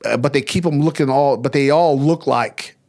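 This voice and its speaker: A man's voice: medium pitch, moderate pace, creaky, a little mellow. A man talking as a podcast guest in casual chat, joking around and chuckling often. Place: studio under hot lamps.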